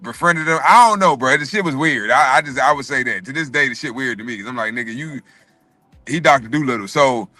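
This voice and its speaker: Man, quick animated storyteller, bright tone, dry booth sound, casual and profane. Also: mid-range voice, no echo, faint music behind. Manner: animated, profane, repeats words often. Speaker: podcast co-host telling a story.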